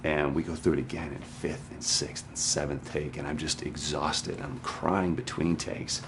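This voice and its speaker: Deep-voiced man telling a candid story. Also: level tone, moderate pace, few pauses, background noise. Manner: earnest, emotionally frank, wry. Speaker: actor interviewed about a role. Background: music.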